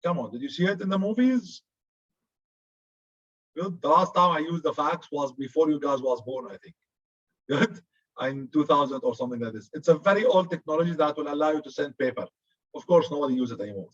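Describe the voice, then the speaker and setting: Arabic-accented guy lecturing, kinda high voice, jokey, dull lo-fi recording. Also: fairly quick. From Arab region. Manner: chatty, joking, says "good" often. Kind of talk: classroom lecture.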